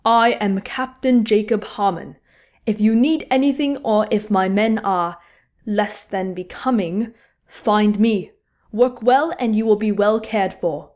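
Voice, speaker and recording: A woman voicing a male enemy army captain who speaks crisply and concisely, courteous but menacing. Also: medium pitch, unhurried, close to an everyday voice. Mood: firm. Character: cold, polite enemy army captain, man.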